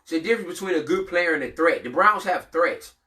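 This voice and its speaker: A man co-hosting a casual sports chat, talking emphatically and hammering his points home. His voice is bright and forceful, and he sits a little back from the microphone. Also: high voice, expressive, quick pace, far from the mic. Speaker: co-host.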